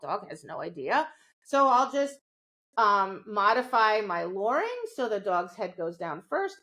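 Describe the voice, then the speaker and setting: A woman's voice: a little high, a bit bright. A woman co-hosting a podcast, explaining dog training in a casual, conversational way and often checking in with "right?".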